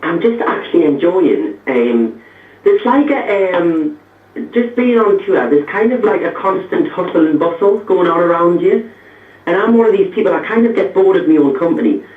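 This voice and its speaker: A man's voice: high voice, lively intonation, moderate pace, far from the mic. A young man with a Geordie accent, a pop singer chatting casually as a radio guest, with lots of fillers and restarts. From North East England. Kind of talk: radio interview by phone. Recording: tinny echoey phone line.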